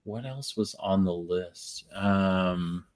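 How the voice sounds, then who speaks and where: A man with a deep, slow voice and a somewhat dark tone hosts a podcast. He chats casually, rambling and using lots of fillers.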